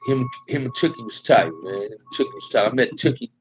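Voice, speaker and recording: A man's voice: mid-range voice, fast talker, soft background music, poor audio. A man from Compton hosting a casual live stream, reading viewer comments and answering them in laid-back, slang-heavy talk that keeps ending on "man". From Compton, California. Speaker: livestream host.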